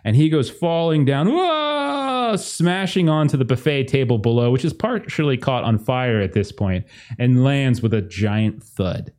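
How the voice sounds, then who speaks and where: A young man narrating a tabletop game as game master, chatty and relaxed with many fillers. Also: medium pitch, moderate pace.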